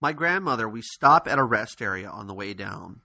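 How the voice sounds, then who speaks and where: A man co-hosting a podcast, casually telling a funny family story in an animated way, with frequent laughs. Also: fairly low pitch, normal speed, creaky, no room sound. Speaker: podcast co-host.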